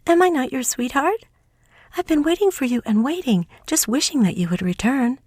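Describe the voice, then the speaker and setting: A woman's voice: sits high, animated, normal speed, darkish tone, dry recording, voice pushed up. A woman reading aloud and voicing a sweet little female mouse princess who talks in an eager, coaxing way.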